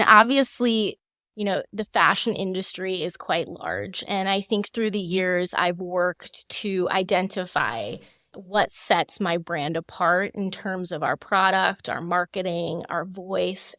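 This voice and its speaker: A woman in her thirties, a fashion designer, answering interview questions in a measured, polished way with frequent fillers, close to the mic. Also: fairly low pitch, bright, forceful tone, no room sound. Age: 30s. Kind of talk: podcast interview.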